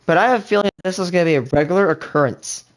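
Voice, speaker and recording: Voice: mid-range voice, very fast. A live streamer reacting to a TV show in rambling, indignant casual commentary, often restarting sentences.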